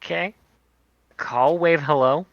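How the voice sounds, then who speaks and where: A man playing a tabletop game, chatting casually with quick, joking asides. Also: fairly high pitch, steady tone, creaky, dry recording. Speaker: player. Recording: dull lo-fi mic.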